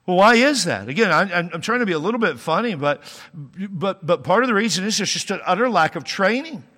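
A pastor preaching in a relaxed, talky way, breaking into humor and then rising into emphatic points. His voice sits a little high and rings bright and forceful. It carries the long reverb of a large church hall. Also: fast, hardly any pauses. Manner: conversational preaching with humor and sudden emphatic rises. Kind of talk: sermon.

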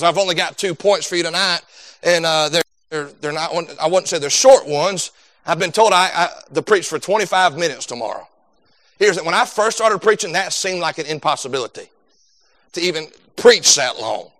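A young man preaching a sermon, animated and dropping into quoted voices. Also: sits high, no room sound.

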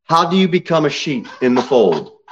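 A male pastor preaching a sermon from the pulpit, reading scripture and pressing his points with slow, emphatic stresses and sudden raised peaks. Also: on the high side, big pitch swings, highs cut off. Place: church sanctuary, at the pulpit.

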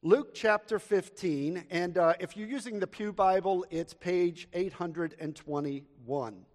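Man, pastor, high-pitched voice, earnest storytelling, echoing sanctuary. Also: unhurried, darkish tone. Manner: earnest, storytelling with audience call-and-response. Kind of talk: sermon with prayer and humorous anecdote. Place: church sanctuary. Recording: long church hall reverb.

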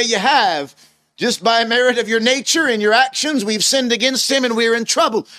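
A man's voice: high voice, fairly bright tone, dry recording. A man preaching a sermon in an earnest, emphatic way, asking his listeners rhetorical questions.

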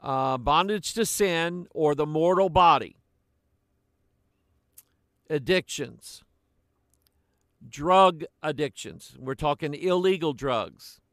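Slow, deliberate older male preacher. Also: fairly high pitch, fairly bright tone, clean tone, no room sound, studio quality. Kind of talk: sermon.

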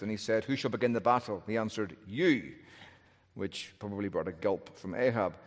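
A man's voice: lowish voice, moderate pace. A man preaching an expository sermon, telling the story with wry humor and shifting emphasis. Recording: long hall reverb.

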